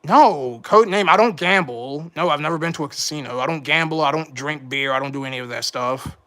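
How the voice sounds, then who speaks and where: A man's voice: fairly high pitch, brisk, bright, forceful tone. A man hosting a casual livestream, rambling along and correcting his own slips. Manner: rambling, self-correcting, mild frustration. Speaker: livestream host. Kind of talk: casual live commentary.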